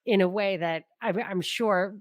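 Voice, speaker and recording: A woman co-hosting a political podcast, talking casually with wry, sardonic remarks and halting restarts. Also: mid-range voice, dry recording. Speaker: podcast co-host.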